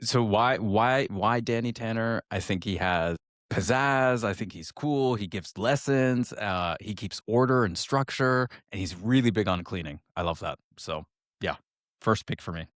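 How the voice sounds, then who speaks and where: A man co-hosting a casual podcast, throwing in dry, deadpan quips. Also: lowish voice, a little slow, dry recording. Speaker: podcast co-host.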